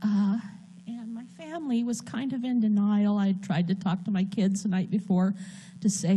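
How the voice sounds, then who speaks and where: A woman giving a personal testimony in a church, speaking earnestly and haltingly while holding back tears. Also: medium pitch, fairly even intonation, mellow, husky.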